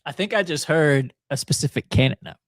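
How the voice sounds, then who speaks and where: A man co-host bantering on a satirical talk show, his voice rising and falling in a lively, bouncing way as he jokes. The sound is dry and close, with no room echo. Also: fairly high pitch, fairly quick.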